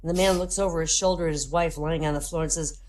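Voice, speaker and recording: A woman with a lowish voice tells joke after joke as a live comedy set in a voice chat. She narrates steadily and builds toward each punchline. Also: steady tone, fast, a little mellow. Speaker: comedian telling jokes.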